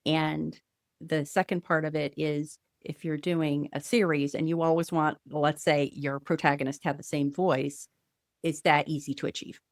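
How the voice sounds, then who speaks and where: A woman with a lowish voice hosts a podcast interview and asks curious, friendly questions. The sound is dry and close. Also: little pitch movement, moderate pace, no echo. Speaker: podcast host. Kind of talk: casual interview.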